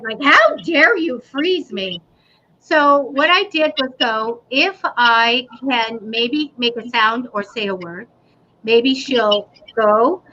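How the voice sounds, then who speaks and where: A woman in casual chat, telling a ghost story with animation and acting out what she said. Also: a little high. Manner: animated storytelling, acting out her own quotes. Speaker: paranormal talk show panelist. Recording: dull lo-fi livestream audio with faint noise.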